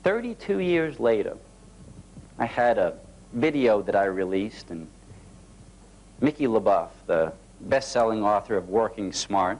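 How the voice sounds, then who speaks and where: Animated folksy male motivational speaker. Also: lowish voice, measured pace, pauses often, poor audio. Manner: folksy, animated storytelling with a light laugh. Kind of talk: storytelling keynote talk.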